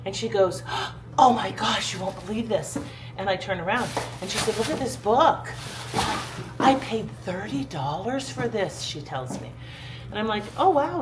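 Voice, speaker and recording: A woman's voice: medium pitch, noisy background. A woman vlogging at home in a casual, rambling storytelling style, with lots of fillers and restarts. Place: at home, indoors.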